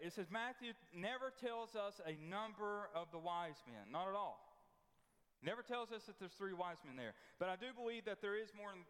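A man's voice: high-pitched, expressive, fairly quick, fairly bright tone. A man, a pastor, preaching a sermon in a folksy, emphatic way, repeating his points. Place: church sanctuary. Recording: long church hall reverb.

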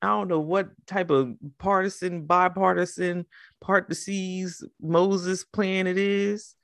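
A woman with a South Jersey accent, a podcast co-host who swears freely and tells animated, colorful asides. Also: lowish voice, slow, no echo, clean studio sound. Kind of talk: casual chat.

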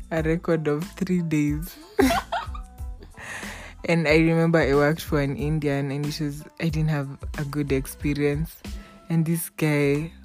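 A young woman, chatting casually and telling stories, acting out the people she quotes and laughing often. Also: low voice. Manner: animated, laughing, acts out quoted voices. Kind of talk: casual storytelling chat.

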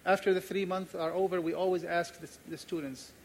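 A man's voice: high-pitched, little pitch movement, brisk, slight background noise. A man pastor preaching a sermon, earnest and emphatic, repeating key phrases and telling personal stories.

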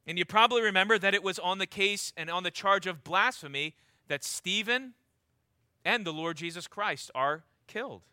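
A man delivers a sermon in a high, very bright voice. He reads scripture aloud and stretches key words for weight. The sound is close and dry, with no room echo. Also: clear, resonant tone. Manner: emphatic, slows down to stress key words. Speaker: preacher.

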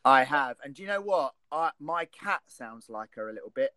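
Woman hosting comedy radio, jumpy lively voice, goofy and giggly, dry close mic. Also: very deep voice, moderate pace, dry recording. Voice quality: giggly, goofy, animated storyteller. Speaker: radio show host. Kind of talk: playful comedy radio chat.

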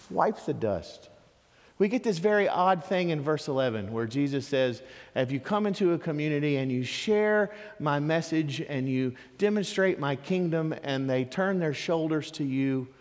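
A man preaching a sermon as pastor, emphatic and animated, with lively storytelling asides. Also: fairly high pitch, in a large hall.

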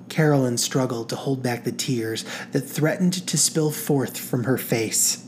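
Woman narrator, low voice, slow wry comic reading, faint hiss behind. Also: fairly even intonation, darkish tone. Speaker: podcast host reading her own novel. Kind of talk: comic reading of a romance story.

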